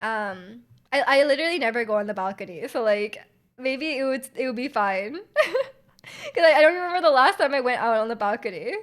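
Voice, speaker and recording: A woman streamer chatting casually with her viewers, loud and energetic, full of fillers, her volume jumping around. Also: a little high, fairly quick. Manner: chatty, many fillers, reads chat aloud. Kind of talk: casual live-stream chat.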